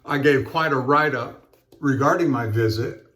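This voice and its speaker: A man talking casually while he shaves, in a halting, rambling way with many fillers and restarts. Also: mid-range voice, pushed and bright. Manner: rambling storyteller. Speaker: straight razor shaving vlogger. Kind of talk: casual talk while shaving.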